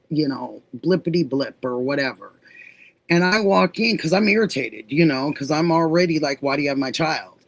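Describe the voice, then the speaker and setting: Slow-talking woman stream host. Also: sits low, no room sound. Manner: reads viewer comments aloud, drawn-out storytelling. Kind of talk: casual chat and personal story.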